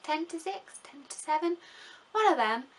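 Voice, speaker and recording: A woman's voice: high voice, expressive, normal speed, slight background noise. A young woman from England, talking casually over her travel vlog in a chatty, rambling way full of fillers. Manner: chatty and rambling, with many fillers and gushing words. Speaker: vlogger.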